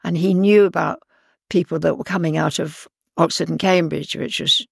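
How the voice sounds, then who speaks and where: Older London actress, gravelly, dry close sound, lively raconteur. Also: female voice, fairly low pitch, normal speed, no echo. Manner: lively anecdotal, acts out quoted voices. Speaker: actress guest. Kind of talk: interview storytelling.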